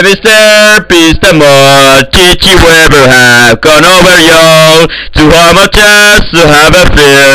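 Guy goofing off on a voice server, super bright clear voice, slow and rambly, says stuff over and over. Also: on the high side, rough recording. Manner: rambling, broken phrasing, repeats himself. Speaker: voice chat user. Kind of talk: goofy voice chat banter.

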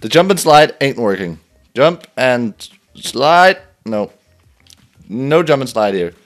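A man's voice: medium pitch, lively intonation, slow, soft background music. A young man giving let's play commentary, laughing often, swearing and yelping in frustration as he plays. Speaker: gameplay commentator.

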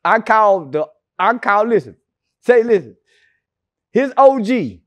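A man's voice: high-pitched, sing-song, measured pace, no room sound. A man being interviewed, telling stories in a brash, profane and mocking way with sarcastic asides. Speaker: interview guest. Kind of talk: casual interview storytelling.

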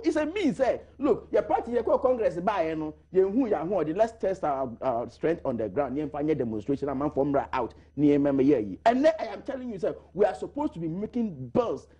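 Animated, fast-talking man. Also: on the high side, slightly rough. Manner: animated, interrupting, emphatic. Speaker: studio panelist. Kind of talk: heated political debate.

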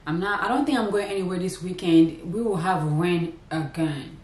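A woman's voice: on the low side, normal speed, a little mellow, a little hiss or hum. A woman chatting casually to her viewers in a vlog, rambling and talking straight to camera from her home. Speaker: lifestyle vlogger. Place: indoors at home. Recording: echoey room.

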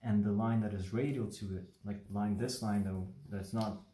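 A man's voice: on the low side, steady tone, normal speed, dark tone, reverberant, slight background noise. A man from Mexico teaching paper folding in a casual livestream, rambling and chatty, often checking in with the viewer. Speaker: origami instructor. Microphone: livestream phone or webcam mic.

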